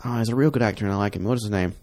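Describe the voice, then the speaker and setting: A man's voice: lowish voice, rapid-fire, a little mellow. A man in casual podcast chat, rambling and swearing as he retells a movie trailer. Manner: profane, rambling, acts out voices. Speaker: podcast co-host.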